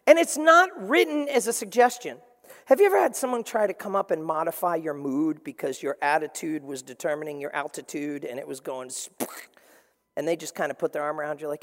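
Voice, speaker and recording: A man preaching a sermon as pastor, animated and playful, acting out little voices and asides. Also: high voice, brisk. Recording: long reverb of a large hall.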